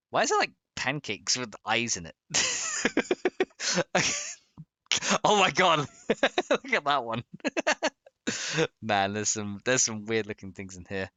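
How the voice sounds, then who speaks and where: A man's voice: medium pitch, pushed and bright, no echo. A man casually chatting on a live stream while modding a game, rambling and laughing often as he reads chat.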